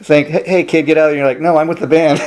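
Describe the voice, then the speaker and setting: An eager male host who asks rambling questions at a quick clip. His voice sits a little high for a man as he chats with a guest. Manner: eager, lots of quick yeahs and wows. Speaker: interviewer, host. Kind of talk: casual interview.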